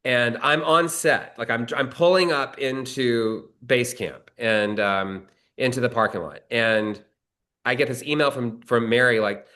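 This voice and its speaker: Middle-aged man, animated storyteller who acts out quoted lines; bright, forceful tone. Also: mid-range voice, a little slow. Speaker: screenwriter and actor, guest. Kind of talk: casual interview storytelling.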